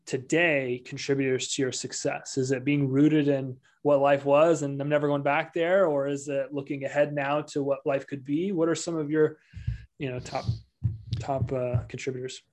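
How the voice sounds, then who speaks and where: A man hosting a podcast, asking questions in a relaxed, conversational way and chuckling often. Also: mid-range voice, moderate pace. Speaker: podcast host. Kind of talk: conversational interview.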